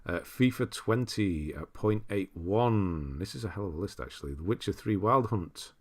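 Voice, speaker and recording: The man's voice sits low and his pace is moderate as he casually runs his live stream. He wanders from topic to topic, reading viewer comments aloud and laughing frequently.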